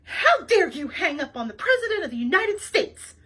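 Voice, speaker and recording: A woman voicing the president's indignant, scolding mother, who shouts her complaints. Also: very high voice, huge pitch swings, moderate pace, pitched above the performer's own voice, full character voice.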